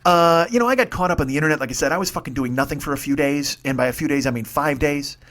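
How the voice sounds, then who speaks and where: A man's voice: a little high, fast talker. A man, rambling through a profane comedic monologue as a podcast host. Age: 50s. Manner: rambling, swearing, animated storytelling.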